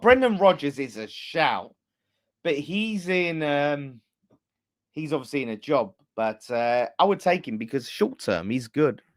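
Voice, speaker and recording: Give me a blunt man hosting a fan chat, mid-pitched and dry. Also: no echo. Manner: animated, blunt, swearing, laughing rants. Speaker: fan channel host. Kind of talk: casual live-stream fan chat.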